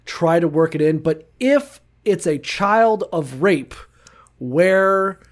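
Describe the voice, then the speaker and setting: A man with a somewhat high voice, chatting in a loose, joking way. He adds crude, quick asides to the conversation. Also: lively intonation. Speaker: podcast co-host. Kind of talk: casual irreverent chat.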